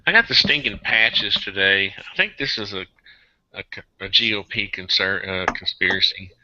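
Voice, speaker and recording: A tired man hosting a casual online group chat, rambling and excitable, jumping into high-pitched outbursts. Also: normal speed, muffled recording, background noise. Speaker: host of an online hangout.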